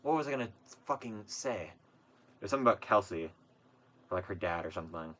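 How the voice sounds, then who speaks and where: Low bright-voiced young man telling stories. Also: expressive, a little fast. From Wisconsin. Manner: rambling storyteller with swearing and fillers. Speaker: podcast co-host. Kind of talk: casual chat.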